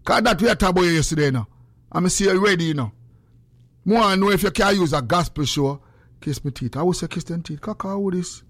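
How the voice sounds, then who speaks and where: A man's voice: high-pitched, lively intonation, fairly quick, fairly bright tone, no room sound. A man with a Jamaican accent hosting a casual livestream, greeting viewers by name and teasing them playfully. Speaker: livestream host.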